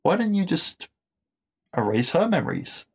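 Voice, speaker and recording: A man's voice: high-pitched, big pitch swings, normal speed, breathy edge. A man hosting a podcast, chatting casually and enthusiastically, with lots of fillers and restarts, and laughing at his own jokes. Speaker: podcast host. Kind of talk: casual episode review.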